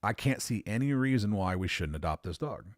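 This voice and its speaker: A man with a very low, deep voice tells a rambling personal story and keeps stopping to correct himself. He swears casually and laughs at himself. The sound is dry and close, with no room around it. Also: animated, fairly quick, dry recording. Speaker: podcast host.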